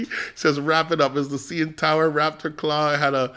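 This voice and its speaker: A man from Canada, a podcast guest, telling a story in a casual, animated way and acting out the dialogue. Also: fairly high pitch, normal speed, hardly any pauses. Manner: animated, acts out dialogue in voices.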